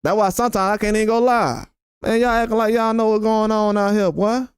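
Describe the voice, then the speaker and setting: A man with a high, smooth, resonant voice delivers a blunt, profane rant on his boxing live stream. He hammers the same points again and again. The sound is dry and close, with no room echo. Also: little pitch movement, a little fast. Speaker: boxing YouTuber host.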